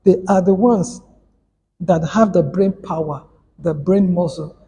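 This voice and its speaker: A man's voice: high voice, a little slow, warm tone. A man giving a motivational workshop lecture, repeating key figures for emphasis. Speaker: workshop speaker. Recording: long hall reverb.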